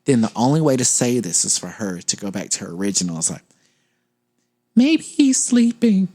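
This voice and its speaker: A man's voice: lowish voice, lively intonation, quick pace, darkish tone, breathy edge. A man, co-hosting a comedy podcast, telling stories playfully and laughing often. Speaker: podcast co-host. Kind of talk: casual comedic chat.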